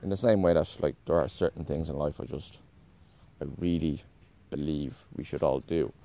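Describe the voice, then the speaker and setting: A man's voice: rumbling low, moderate pace, creaky, warm tone. A man talking in a casual, meandering monologue, correcting himself often and swearing offhandedly.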